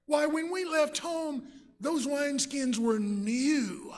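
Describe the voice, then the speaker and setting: A man's voice: very high voice, steady tone, takes it slowly, pitched above the performer's own voice. A preacher voicing crafty male envoys who pretend to be weary travelers, pleading in a storytelling way. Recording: long church reverb.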